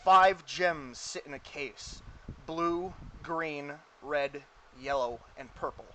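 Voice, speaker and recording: A game master narrating a tabletop game, chatty and animated with lots of fillers. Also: medium pitch, takes it slowly, slight background noise, low-quality recording.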